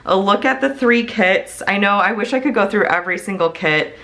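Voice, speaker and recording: A woman's voice: medium pitch, fairly quick, fairly bright tone. A woman in her thirties chatting casually to her viewers, gushing and laughing, with filler words all through and a throat strained from coughing. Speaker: small business owner and host. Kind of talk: casual chat.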